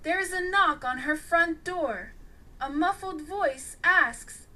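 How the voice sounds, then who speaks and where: A woman reading an audiobook story aloud in a lively, sing-song manner. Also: very high-pitched, takes it slowly, rough recording. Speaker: audiobook narrator. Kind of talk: storybook read-aloud narration.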